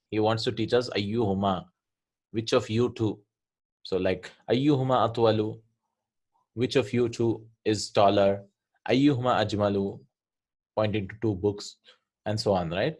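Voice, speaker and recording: A man's voice: lowish voice, darkish tone. A man teaching an Arabic grammar lesson from a textbook, explaining each point and often checking with "right?".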